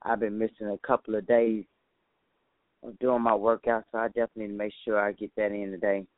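A man's voice: fairly low pitch, flat delivery, fairly quick, no echo. A man hosting his own talk show in a casual, folksy monologue, chatting to listeners and calling them honey, a little tired. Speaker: show host. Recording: tinny phone-like line, dry.

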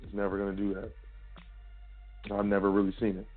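Man, call-in host, low voice, relaxed casual talk, tinny phone line, faint music. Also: brisk. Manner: relaxed, thanks callers warmly with "man" and "family". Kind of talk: casual call-in radio chat.

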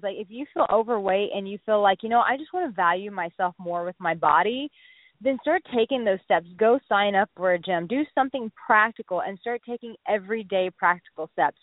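A woman dating coach chatting on a radio show, with a middle-pitched voice. She tells stories in a lively way and acts out both sides of the exchange. The sound is narrow and phone-like, with no room around it. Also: no room sound. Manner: lively anecdotal storyteller, acts out quotes. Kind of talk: radio interview, storytelling. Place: Los Angeles area. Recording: phone-line radio call.

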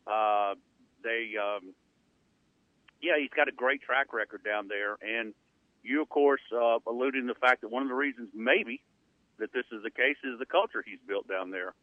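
A man's voice: mid-range voice, moderate pace, no echo. A middle-aged man co-hosting a sports talk radio show, talking in a rambling, conversational way with many fillers. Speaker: radio co-host. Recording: narrow phone-like band, dry.

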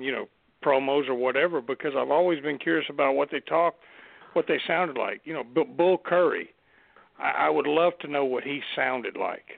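Over a tinny phone line, a man from the Southern United States co-hosts a casual chat show in a mid-range voice with vocal fry and no room sound. He rambles, restarts often, and laughs easily.

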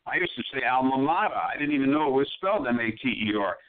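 An older man from Brooklyn, a broadcaster, giving measured answers with precise diction in an interview. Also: medium pitch, expressive. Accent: mostly neutral American, faint New York traces. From Brooklyn, New York. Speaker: guest broadcaster. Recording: tinny phone-like line.

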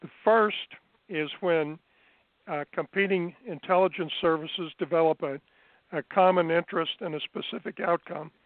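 A man as an interview guest, recounting his past in an unhurried, measured way with frequent fillers, heard over a phone line. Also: fairly high pitch, steady tone, no echo. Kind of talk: remote interview, recounting experiences.

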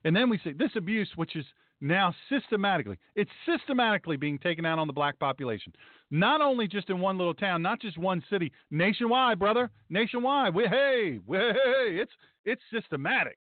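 A sarcastic male pastor hosts a commentary show, repeating himself for emphasis. His voice is high and swings widely. The audio is dry and narrow, like a phone line. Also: animated, a little fast, no echo. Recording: dry, tinny phone-like sound.

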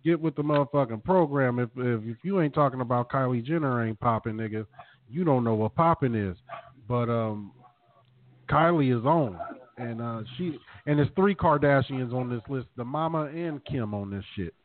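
A man co-hosting a podcast, chatting casually and reading numbers off a ranking with animated emphasis. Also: mid-range voice, moderate pace. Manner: animated, reads out figures from a list. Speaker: podcast co-host. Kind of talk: casual profane banter. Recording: dry, tinny phone-like sound.

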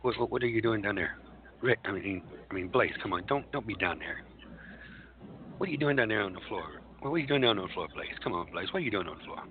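A man trash-talks in character as a wrestling personality, stammering over his words as he taunts. His voice sits a little low. It comes through a tinny, phone-like line with a faint hiss underneath. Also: lively intonation, fast.

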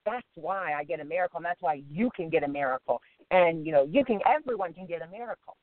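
A man's voice: on the high side, expressive, fast talker, no echo. Earnest man on a tinny phone line. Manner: earnest, emphatic, repeats phrases for stress. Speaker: guest. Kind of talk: spiritual radio interview.

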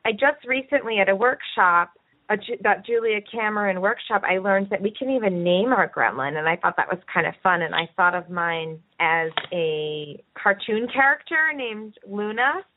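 A woman host speaks earnestly and encouragingly, stretching her thoughts into long explanations. Her voice sits at an ordinary middle pitch. It comes through thin and narrow, like a phone line. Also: lively intonation, normal speed. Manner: earnest, encouraging, talks at length. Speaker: podcast host and coach. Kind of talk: conversational podcast discussion. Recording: tinny phone-line audio.

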